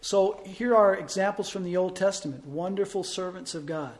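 A man delivers a sermon to his congregation with a slightly higher than average voice. He preaches conversationally, posing rhetorical questions. His voice swells for emphasis and falls quiet for asides. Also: fairly even intonation, moderate pace. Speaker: pastor.

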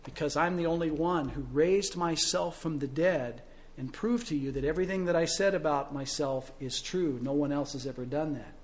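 A man speaking the words of Jesus in a calm, solemn way during a sermon. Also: fairly high pitch, moderate pace, lightly acted.

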